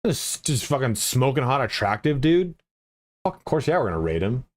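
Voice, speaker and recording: A man's voice: mid-range voice, sing-song, moderate pace, no echo. A man chatting casually and profanely with viewers as a game streamer, rambling with lots of filler words.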